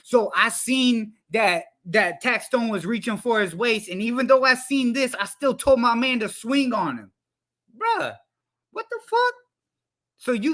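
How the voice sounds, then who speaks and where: A man's voice: very high voice, pushed and bright. Fired-up profane man ranting on a headset. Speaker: livestream commentator. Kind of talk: heated casual commentary.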